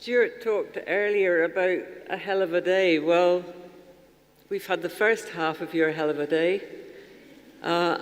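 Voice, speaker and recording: A woman giving upbeat formal closing remarks as chairman at a graduation in a large hall. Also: fairly low pitch. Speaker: college chairman. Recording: reverberant hall sound.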